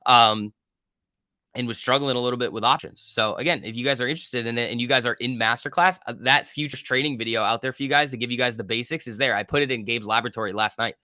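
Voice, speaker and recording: A man's voice: medium pitch, fast talker, pushed and bright, clean tone, no echo, clean studio sound. A man hosting a live trading stream, talking loosely and thinking aloud as he reads the market, with the odd swear word. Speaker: stock trading stream host. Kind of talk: casual live market commentary.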